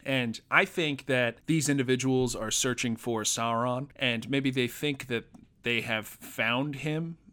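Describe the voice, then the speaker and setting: A man's voice: medium pitch, a little slow, bright, forceful tone. A man talking casually as a podcast host, reviewing a TV episode as an enthusiastic fan, with fillers and restarts.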